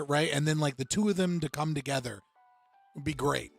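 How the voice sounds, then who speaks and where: Guy ranting on his stream, cussing a lot, a bit high voice, dead dry sound. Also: fairly quick, creaky, no room sound, faint music behind. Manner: heated, sarcastic, swears often. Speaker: livestream host reacting to clips. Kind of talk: profane livestream commentary.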